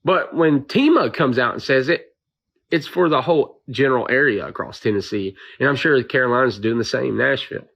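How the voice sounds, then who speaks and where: A frustrated volunteer who works with drones and trucks rants on video about being told to stand down, pleading and repeating himself. His mid-range voice is expressive, a little fast, creaky and somewhat bright. The recording sounds muffled.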